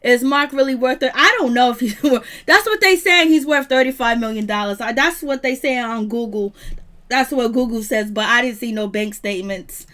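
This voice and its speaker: A woman hosting a live review of a reality show, talking in an animated, gossipy and sassy way. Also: a little high, moderate pace. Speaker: reality TV recap host.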